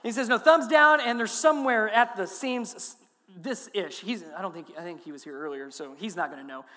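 Bright-voiced pastor in an echoing hall. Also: mid-range voice, brisk. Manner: lively storytelling with self-mocking humor and audience questions. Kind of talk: sermon. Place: church sanctuary.

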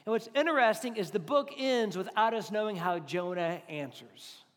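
A male pastor preaches to his congregation in a loose, talky way, acting out the lines he quotes. His voice sits very high for a man. The sound rings out with the long reverb of a large hall. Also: moderate pace. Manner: conversational, animated preaching with acted-out quotes. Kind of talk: sermon.

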